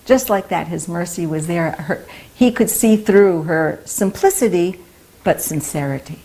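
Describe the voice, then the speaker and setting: An older woman telling lively, amused stories from her time as a devotee, with laughter in her voice. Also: lowish voice. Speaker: devotee sharing memories. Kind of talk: anecdotal storytelling.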